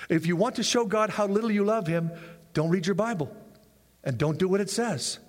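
Animated preaching man in a reverberant hall. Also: a little fast. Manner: animated, acts out imagined excuses in high voices. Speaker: pastor. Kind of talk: sermon.

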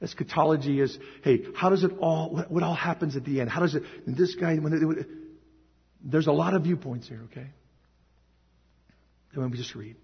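Husky-voiced, emotional preacher. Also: male voice, fairly high pitch, moderate pace, long pauses. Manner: emotional, emphatic, swings to shouting. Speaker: pastor. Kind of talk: sermon. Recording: echoey hall, dull lo-fi sound.

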